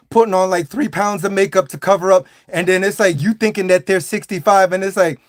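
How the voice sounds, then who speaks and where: A high-voiced man doing a comic rant on a live stream. He sounds animated and jokey and keeps talking straight to his viewers. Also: brisk, hardly any pauses.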